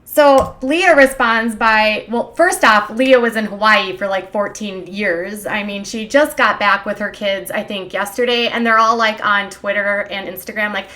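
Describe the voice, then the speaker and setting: A woman's voice: medium pitch, a little slow, few pauses, bright, forceful tone. A woman giving casual, sarcastic livestream commentary in a rambling, opinionated way with frequent fillers. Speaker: gossip commentary streamer.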